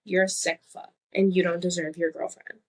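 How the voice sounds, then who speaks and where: A woman's voice: on the low side, little pitch movement, moderate pace. A woman co-hosting a podcast in casual chat, reading posts aloud and reacting bluntly with incredulous, profane remarks. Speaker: podcast co-host.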